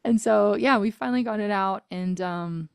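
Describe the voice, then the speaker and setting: A woman in her thirties, mid-range in pitch, telling an emotional personal story as an interview guest. She talks earnestly, laughing often and reaching for words with many fillers. Her voice is recorded close and dry, with no room sound. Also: normal speed, creaky, clean tone, no echo. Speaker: guest singer-songwriter.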